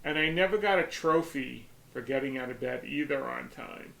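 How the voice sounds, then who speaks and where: A man's voice: medium pitch, normal speed, vocal fry, bright, forceful tone. A man in his sixties co-hosting a casual chat, easygoing and plainspoken. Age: 60s. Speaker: co-host. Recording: echoey room.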